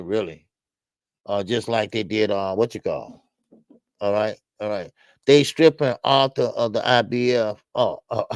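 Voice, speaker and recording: An older man hosting a boxing live stream, chatting casually with his viewers and speaking in with lots of fillers, his voice climbing when he protests. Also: no echo. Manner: animated, repetitive fillers, rises in pitch when protesting. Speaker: boxing show host. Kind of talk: casual live-stream commentary, reacting to chat.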